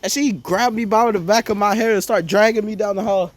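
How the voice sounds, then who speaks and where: A man's voice: high-pitched, steady tone, a little fast. Man, improvised comic storytelling, rambling, faint background hiss. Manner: rambling, joking, acts out dialogue with stammers.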